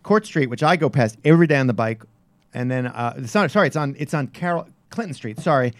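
Animated, teasing male co-host. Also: mid-range voice, quick pace, dry recording, studio quality. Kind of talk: casual radio-style news quiz banter.

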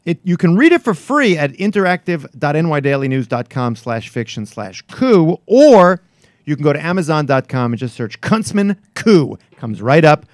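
A man's voice: fairly high pitch, very animated, moderate pace, no room sound, clean studio sound. A man, co-hosting a casual radio show, wry and self-deprecating as he tells stories. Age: 50s. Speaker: radio show co-host and newspaper writer. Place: radio studio.

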